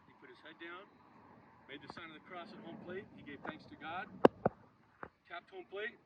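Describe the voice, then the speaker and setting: Man in his forties, high-pitched, giving an animated motivational talk to young players; distant outdoor recording with noise. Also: normal speed. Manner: animated storyteller, asks the kids questions, shouts quoted chants. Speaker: former pro baseball player speaking to a youth team.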